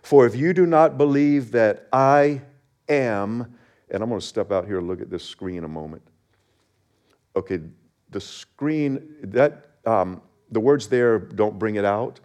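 A pastor preaching a Sunday sermon, reading scripture aloud with emphasis and earnest conviction. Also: male voice, on the low side, darkish tone.

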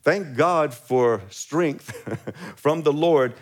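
A man's voice: on the high side, extremely slow. A man preaching a sermon, reading scripture aloud and lifting his voice on key lines, with short chuckles between phrases and calls to the congregation to repeat after him. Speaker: pastor.

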